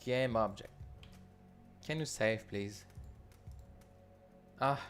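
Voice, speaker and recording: A man's voice: on the low side, soft background music. Quebec French man thinking aloud. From Quebec, Canada. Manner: halting, thinks aloud with restarts. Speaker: developer leading a builder session. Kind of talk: live coding walkthrough.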